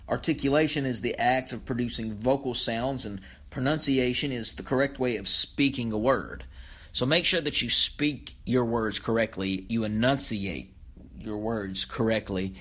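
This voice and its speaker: A man's voice: mid-range voice, fairly bright tone. A man hosting a podcast, teaching public speaking in a conversational spoken lesson with frequent fillers and self-corrections.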